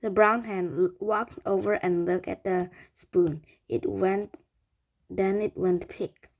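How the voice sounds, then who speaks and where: A woman reading a children's book aloud, halting and restarting often. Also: mid-range voice, steady tone. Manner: slow, halting, with frequent restarts. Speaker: reader.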